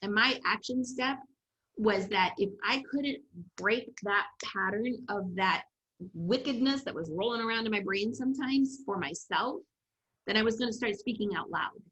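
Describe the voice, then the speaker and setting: A woman development coach giving an upbeat, animated presentation on a video call, telling stories to her class. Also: mid-range voice, moderate pace, lo-fi sound.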